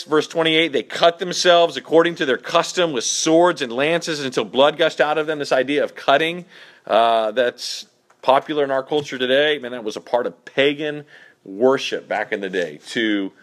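Animated joking male Bible teacher. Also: fairly high pitch, normal speed. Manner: animated, joking and mocking as he explains. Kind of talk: casual Bible study teaching.

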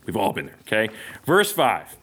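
A man's voice: on the low side, moderate pace, slightly rough. A man teaching a Bible study in a casual, joking way, often checking in with his listeners. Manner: lively, jokey, checks in with "okay?".

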